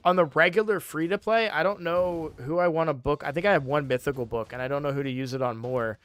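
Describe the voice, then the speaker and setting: Man streamer, fairly high voice, smooth and clear, tired, rambling casual chat. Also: quick pace, fairly bright tone, no room sound. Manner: rambling, with frequent restarts. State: sleepy, yawning. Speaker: game streamer.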